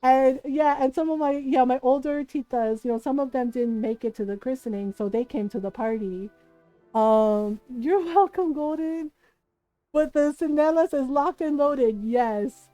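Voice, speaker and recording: A woman's voice: high voice, a little slow, dark tone, dry recording, soft background music, rough recording. A woman streamer telling a family story in casual chat, swearing freely and tagging lines with "right?".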